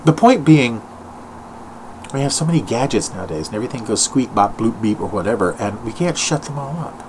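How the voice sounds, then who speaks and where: An older man improvising a rambling, self-mocking comic monologue at home, full of tangents and quick mock voices. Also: mid-range voice, animated, noisy background. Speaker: solo comedic vlogger.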